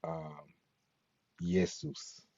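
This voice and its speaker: A very low, husky man teaches Latin pronunciation at an unhurried, deliberate pace, breaking words into sounds. His voice is dark and mellow, and the recording sounds dull and lo-fi. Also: big pitch swings, dry recording. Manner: slow, patient, spells out sounds. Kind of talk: pronunciation lesson.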